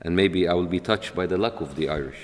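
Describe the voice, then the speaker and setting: A middle-aged man speaks with a deep, low voice. He gives a wry, self-mocking speech as a comedian. His words ring out with a long reverb from a large hall. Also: quick pace.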